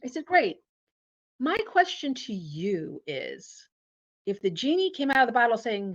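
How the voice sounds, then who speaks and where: A woman, a company founder, telling lively stories in an interview and acting out the dialogue. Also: fairly high pitch, unhurried. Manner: animated storyteller acting out dialogue. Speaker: guest, founder and CEO. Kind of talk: casual interview storytelling. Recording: dull lo-fi audio.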